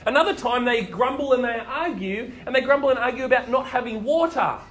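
Male preacher, high voice, lively storyteller. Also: fairly quick. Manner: animated storytelling, asks the listeners questions. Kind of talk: sermon.

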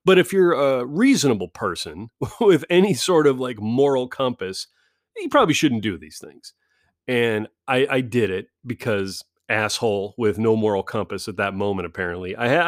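Man, 40s, mid-pitched, casual storyteller, self-deprecating, dry close sound. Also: dry recording. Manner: rambling, self-deprecating, laughs often. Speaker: vlogger.

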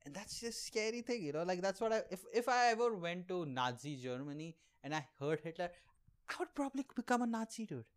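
A man's voice: sits high, lively intonation, fairly quick, clean tone. A young man hosting a podcast, doing a rambling, sarcastic comic monologue and laughing at his own jokes. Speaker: podcast host and aspiring comedian.

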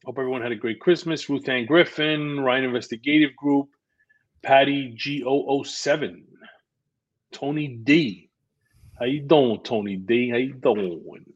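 Wisecracking New man, muffled sound. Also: medium pitch. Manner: wisecracking, joking asides. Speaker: co-host, former police officer. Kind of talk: casual chat, reading the live chat. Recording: dull lo-fi sound.

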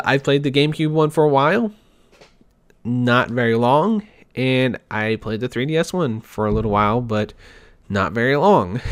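A man talking loosely into a desk mic at home, rambling on and breaking off his own sentences. His voice sits at a middle pitch, and the sound is dry and close. He stops now and then to act out excited or annoyed fans. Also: no echo. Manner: rambling, self-interrupting, mock-acts fan reactions. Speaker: gaming podcast host. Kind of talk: casual solo commentary.

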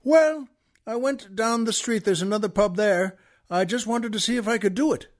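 A man's voice: high-pitched, moderate pace, pitched above the performer's own voice, natural voice. A man doing a mild Irish pub drinker. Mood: matter-of-fact.

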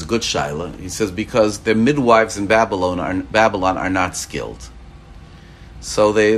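A man teaching a religious class as an animated storyteller who acts out quoted dialogue. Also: fairly low pitch, a little hiss or hum. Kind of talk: Torah class lecture.

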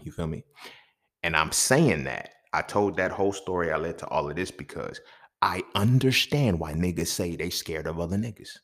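A man hosting a podcast, telling a story in a casual, profane monologue that swings between loud outbursts and quiet asides. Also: low voice, animated, moderate pace. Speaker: podcast host.

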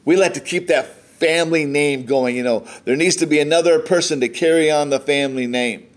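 A man's voice: a little high, a little fast. Conversational American man preaching a sermon. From United States. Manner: conversational preaching, reading scripture aloud with voiced quotes. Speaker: pastor.

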